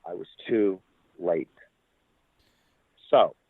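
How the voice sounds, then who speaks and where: A man's voice: deep voice, very slow, gravelly, no echo. A man, a former talent manager, telling rambling stories in an interview, swearing freely and acting out what other people said. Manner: rambling, profane, acts out quoted people. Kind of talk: casual storytelling interview. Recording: tinny phone-line sound, dry.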